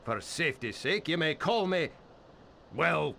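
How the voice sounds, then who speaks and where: A man's voice: fairly high pitch, expressive, a little slow, gravelly, fairly bright tone, a little hiss or hum, heavily acted. An actor playing a fawning, theatrical old man in a video game, talking in a flowery, dramatic way. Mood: pleading. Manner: flowery, eager to please, dramatic gasps.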